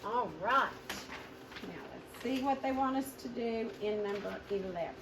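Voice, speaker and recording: A woman teaching a phonics lesson, sounding out each word slowly syllable by syllable and encouraging her young students. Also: a little high. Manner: slow, sounding out words syllable by syllable. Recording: echoey room, mic far off, noisy.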